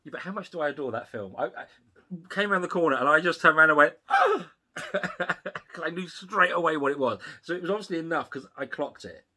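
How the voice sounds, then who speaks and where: A man co-hosting a casual review chat, talking quickly with asides and frequent laughter. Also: on the high side, lively intonation, sharp tone. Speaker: podcast co-host.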